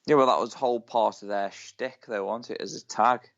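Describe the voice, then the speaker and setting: Low-pitched male co-host, blunt and sweary, dull lo-fi sound. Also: fairly even intonation, normal speed. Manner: blunt, swears, short reactions. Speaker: podcast co-host. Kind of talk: casual wrestling chat.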